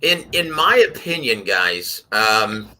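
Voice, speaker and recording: A man giving his take on a boxing panel, telling stories and acting out quotes in a lively way. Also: fairly low pitch, takes it slowly. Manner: animated storyteller, acts out quotes. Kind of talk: casual panel commentary.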